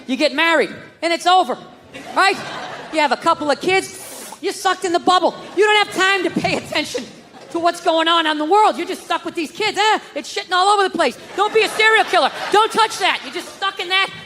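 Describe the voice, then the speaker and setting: Guy doing stand-up, real high sharp voice, cussing and yelling, echoey hall. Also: slight background noise. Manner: ranting, profane, shouting bursts. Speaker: stand-up comedian. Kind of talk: stand-up comedy.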